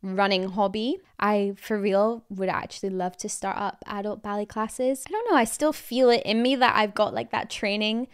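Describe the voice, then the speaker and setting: A woman's voice: medium pitch, fairly even intonation, clear, resonant tone. A woman in her twenties, hosting her podcast in a chatty, candid way with a mild Scottish accent tinged with American, often laughing. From Scotland. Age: 20s. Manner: chatty, lots of likes, quick laughs. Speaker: podcast host. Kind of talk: casual chat.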